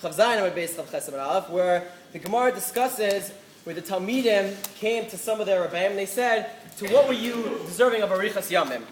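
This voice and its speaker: A young adult yeshiva student gives an earnest farewell speech at a study celebration, telling a story peppered with Hebrew study terms and frequent restarts. His voice is high-pitched and a bit bright, recorded in an echoey hall with faint noise.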